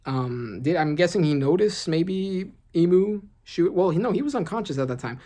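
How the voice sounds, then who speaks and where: A host reading comic panels aloud and reacting excitedly in casual commentary, often asking "right?". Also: medium pitch, normal speed. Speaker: manga reaction channel host.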